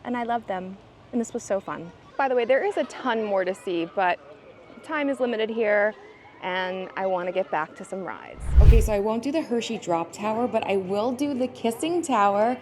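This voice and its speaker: A woman vlogging casually as she walks through a theme park and zoo, chatty and excitable, often gasping and exclaiming. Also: mid-range voice, normal speed, rough recording. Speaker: travel vlogger. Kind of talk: casual vlog walk-through. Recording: outdoor ambient noise.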